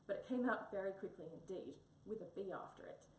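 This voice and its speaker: A woman reading a children's picture book aloud in an expressive storybook manner. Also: medium pitch, fairly quick. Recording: echoey room, mic a bit far, faint hum.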